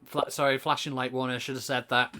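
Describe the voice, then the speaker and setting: A man's voice: medium pitch, level tone, fast talker, loud music behind the voice. A man from Britain chatting casually while streaming a video game, offhand and friendly. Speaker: gaming streamer. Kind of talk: casual let's-play commentary.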